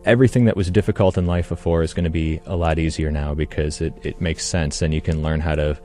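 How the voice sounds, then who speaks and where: A man's voice: rumbling low, fairly even intonation, fast, music in the background. A man recalling personal memories as an interview guest, thoughtful and hesitant, with frequent ums.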